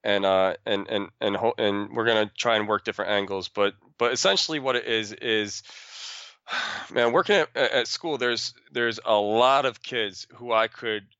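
A man, a schoolteacher being interviewed, talking casually and haltingly, often restarting and repeating words. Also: on the low side, bright, forceful tone, clear, resonant tone, no room sound, muffled recording. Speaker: schoolteacher and program founder, guest.

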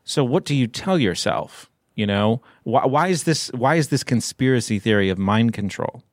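A man's voice: mid-range voice, expressive, no echo, clean studio sound. A man hosting a podcast in casual chat, rambling and playful as he thinks aloud. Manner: rambling, playful, drawn-out musings. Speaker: podcast host.

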